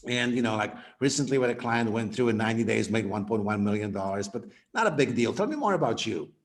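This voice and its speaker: A man's voice: lowish voice, expressive, fast. A man guest on a podcast interview, a business coach who animatedly acts out sample conversations in quoted voices.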